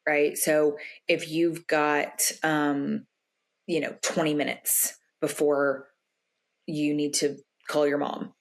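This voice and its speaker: Low-voiced woman coaching, lively quoted asides. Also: creaky. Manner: animated, acts out quoted lines in a raised pitch. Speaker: ADHD coach, podcast guest. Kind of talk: conversational interview answers.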